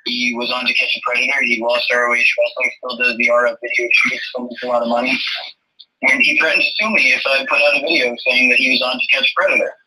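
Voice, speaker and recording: A man's voice: mid-range voice, little pitch movement, fast talker, bright, forceful tone, slightly rough, low-quality recording. A man hosting a live stream, talking in a rambling, defensive way with lots of restarts. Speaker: stream host. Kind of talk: casual live stream chat.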